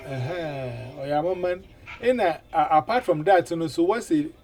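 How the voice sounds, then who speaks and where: A man hosts a loose, mixed-language radio chat. His voice sits a bit high for a man. He keeps things animated, leaning on 'eh' fillers and doubling his words. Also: normal speed, slight background noise.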